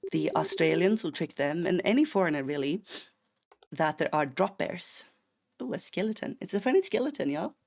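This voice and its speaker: Casting: male streamer from Sweden, gravelly fry in the voice, loose rambling chat with frequent restarts. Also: on the high side, expressive, moderate pace, pauses often. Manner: rambling, chatty, restarts sentences, drifts into tangents. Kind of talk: casual live-stream chat while gaming.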